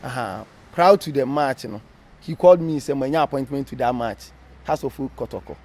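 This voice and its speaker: A man's voice: medium pitch, brisk, darkish tone. A Ghanaian man, a former referee, being interviewed, telling his story animatedly in a casual mix of English and Twi.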